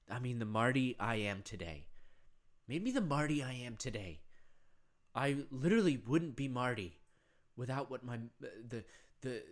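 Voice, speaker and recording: A man hosting a mock-spiritual comedy monologue, rambling earnestly with stammering restarts and repeated words. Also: mid-range voice. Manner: earnest, solemn delivery of absurd ideas. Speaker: host.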